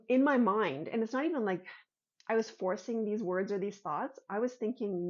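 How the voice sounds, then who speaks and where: A woman's voice: mid-range voice, lively intonation, moderate pace, darkish tone. An earnest woman talks to camera, recounting a personal experience and then explaining a practice. She speaks in a middle register and slips into her own inner thoughts as she tells the story. The recording sounds slightly dull and lo-fi. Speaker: vlogger.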